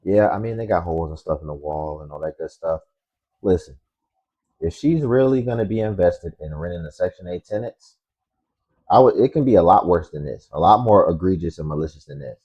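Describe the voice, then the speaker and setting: A man's voice: low voice, lively intonation, brisk, dark tone, lo-fi sound. A man reacting to clips with blunt, matter-of-fact commentary as host.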